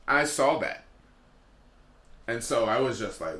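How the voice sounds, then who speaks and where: A man's voice: mid-range voice, expressive, a little slow, pushed and bright. A man doing a rambling comedic storytelling monologue as a podcast host, drifting off on tangents. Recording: roomy echo.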